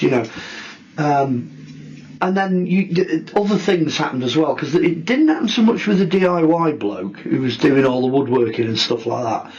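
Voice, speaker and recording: A middle-aged man telling a ghost story in a casual interview, animated and acting out the people he quotes. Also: a little high. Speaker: guest storyteller. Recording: dull lo-fi recording.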